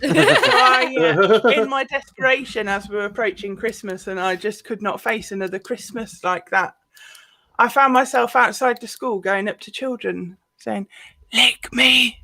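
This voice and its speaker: Bright-voiced woman doing stand-up. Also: on the high side, lively intonation, normal speed. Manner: self-deprecating, punchline-driven delivery. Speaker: stand-up comedian. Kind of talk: stand-up comedy set. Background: audience laughter.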